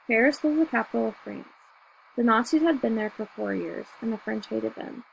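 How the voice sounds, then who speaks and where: Woman audiobook reader, first-person novel, steady and measured, gravelly, fairly high. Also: slight background noise, poor audio.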